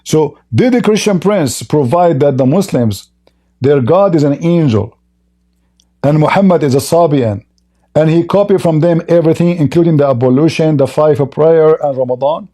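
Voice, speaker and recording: Scornful man with a dark, mellow voice. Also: on the high side, normal speed. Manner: mocking, scornful, repeats rhetorical questions. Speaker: religious debate host. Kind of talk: combative religious debate monologue.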